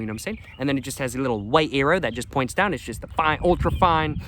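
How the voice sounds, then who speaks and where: Fast-talking rambling man. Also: mid-range voice, a bit bright, a little hiss or hum. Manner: rambling, repeats stock phrases. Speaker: product reviewer. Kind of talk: casual product review.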